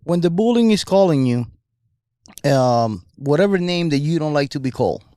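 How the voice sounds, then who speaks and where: A man's voice: on the high side, animated, normal speed, dark tone, no echo, studio quality. Earnest man, casual podcast talk. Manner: earnest, clears throat between thoughts. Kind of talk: casual chat.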